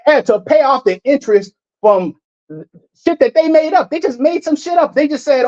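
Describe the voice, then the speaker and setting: A man's voice: extremely high pitch, animated, fairly quick, darkish tone. Heated, profane man preaching on lo-fi audio. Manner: heated, profane, repeats and restarts words. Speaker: street preacher. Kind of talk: fiery preaching over video clips.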